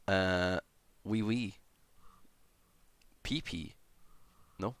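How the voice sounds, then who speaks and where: A man with a lowish voice chats through a live stream, greeting viewers and reading their comments. He is casual and loose, now and then breaking into an excited shout. The sound is close and dry. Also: extremely slow, no room sound.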